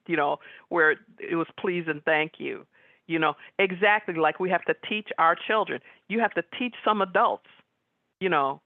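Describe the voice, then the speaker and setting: A middle-aged woman giving a webinar talk as guest speaker, telling personal stories in a conversational, animated way. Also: on the low side, dry recording. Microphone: video call. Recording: tinny phone-like webinar audio.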